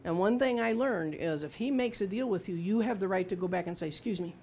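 A woman's voice: mid-range voice, fairly quick, a little mellow. Middle-aged woman preacher, chatty sermon delivery, mid-range voice, playful acted-out quotes. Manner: conversational, humorous storytelling with acted-out quotes.

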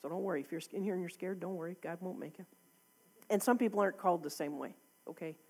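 A woman's voice: lowish voice, quick pace, mellow, husky. A woman preaching a sermon to a congregation in a church, talking candidly and conversationally, often with a laugh.

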